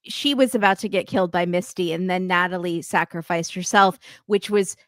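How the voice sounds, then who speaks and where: A woman's voice: fairly low pitch, moderate pace, fairly bright tone, no room sound, studio quality. A woman co-hosting a podcast, chatting casually and rambling with many fillers and restarts. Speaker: podcast co-host. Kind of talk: casual chat.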